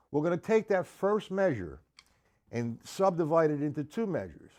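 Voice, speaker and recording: A man's voice: on the high side, sing-song, moderate pace, loud music behind the voice. A man teaching a live-streamed drum lesson, counting beats aloud and asking viewers to respond.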